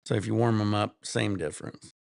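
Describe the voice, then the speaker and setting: Gravelly laid-back man rambling. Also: on the low side, steady tone, brisk, darkish tone, no room sound, studio quality. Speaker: streamer. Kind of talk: casual stream chat.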